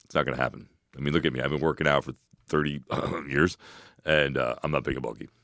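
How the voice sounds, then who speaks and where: A man with a very low, deep voice talks fast and rambles through casual advice. He co-hosts a podcast, breaks into loud laughs and restarts his sentences. The sound is dry and close. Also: steady tone, gravelly, no echo. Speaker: podcast co-host. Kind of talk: casual chat, fitness advice.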